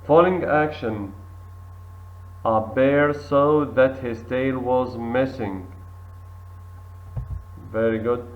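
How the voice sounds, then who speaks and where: A man teaching an English lesson, reading words slowly and repeating each one twice for practice. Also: medium pitch. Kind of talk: recorded classroom lesson. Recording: tinny phone-like audio.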